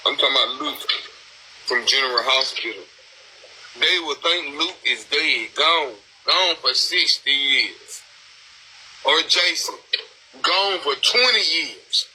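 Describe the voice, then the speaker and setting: A man's voice: on the high side, slow, pauses often, bright, forceful tone, slight background noise, low-quality recording. A man hosting a live stream panel, talking in a blunt, rambling, profane casual chat.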